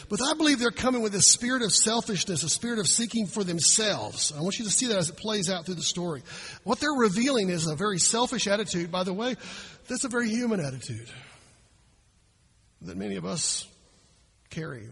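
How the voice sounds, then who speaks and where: Pastor, male, high husky voice, conversational sermon with acted-out quotes, long church reverb. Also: fairly bright tone.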